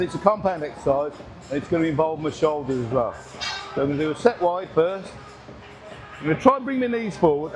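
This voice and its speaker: A man, talking casually through a workout in a gym, joking, swearing and short of breath between reps. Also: a little high. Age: 60s. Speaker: gym vlogger. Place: busy gym with music playing. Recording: gym music in background.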